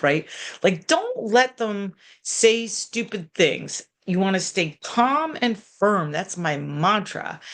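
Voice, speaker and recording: A middle-aged woman therapist giving parenting advice in an animated, chatty way, full of restarts and asides. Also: deep voice. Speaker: therapist in private practice. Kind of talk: conversational advice talk. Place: local community TV program.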